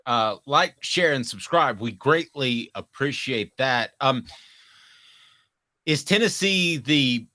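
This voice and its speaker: A man's voice: mid-range voice, slow pace, no echo, studio quality. A man hosting a casual sports talk podcast, asking questions and giving his takes. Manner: lively, reads a sponsor spot.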